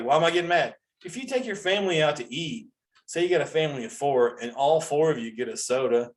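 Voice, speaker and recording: A man in his forties ranting casually as a comedy host, exasperated and animated, with frequent restarts and self-interruptions. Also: a little high, fast talker. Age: 40s.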